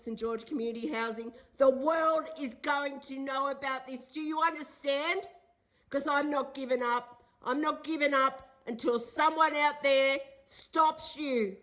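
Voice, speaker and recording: A woman's voice: high voice, sharp tone, low-quality recording. An older Australian woman in a distressed direct-to-camera video, pleading and accusing in an agitated way and repeating herself. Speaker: vlogger.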